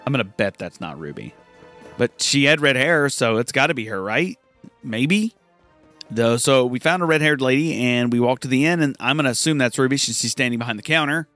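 An excitable man giving let's-play commentary, chatty and gushing. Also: medium pitch, a little fast, no room sound, faint music behind. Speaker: gaming streamer.

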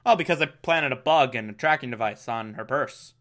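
A deadpan masked hero, low and offhand, as a man puts him on. He sounds flat and unbothered, with an edge of smugness. His own bright tone still shows through. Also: a little fast, natural voice. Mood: smug. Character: deadpan smug male caped crusader, unbothered.

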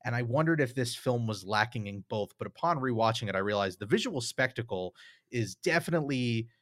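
A man's voice: mid-range voice, animated, fairly quick, a bit bright, dry recording, clean studio sound. A man co-hosting a podcast, talking through a film in a casual, thoughtful, rambling way with many fillers. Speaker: podcast co-host.

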